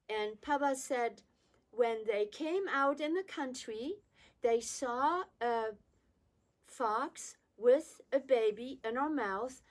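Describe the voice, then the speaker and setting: A woman's voice: a little high, rough recording. An older woman from Germany telling a personal childhood story, acting out the dialogue between herself and her father. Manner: lively, voices her father and her child self in quotes.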